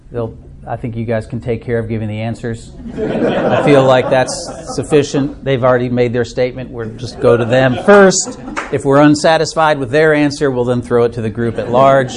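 Midwestern guy, middle-aged, leading a casual church group chat, lots of ums, easygoing and self-deprecating, normal pitch. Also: a little mellow, a little hiss or hum. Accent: Upper Midwest American. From Minnesota. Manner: chatty and self-deprecating, many fillers. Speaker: church discussion leader. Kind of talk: informal talk to a small group.

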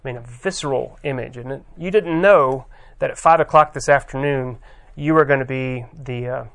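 Gravelly-voiced man preaching a sermon. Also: medium pitch, fairly bright tone. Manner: conversational, halting with fillers, reads scripture aloud.

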